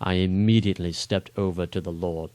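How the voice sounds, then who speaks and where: A man reading his own first-person adventure story aloud in a dramatic, expressive way. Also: low-pitched, brisk, no echo. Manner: expressive, rising on action beats.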